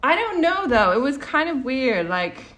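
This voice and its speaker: A woman's voice: high voice, sing-song, moderate pace, a bit bright. A woman co-hosting a podcast, telling a personal story in a rambling, casual way with lots of restarts and fillers. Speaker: podcast co-host.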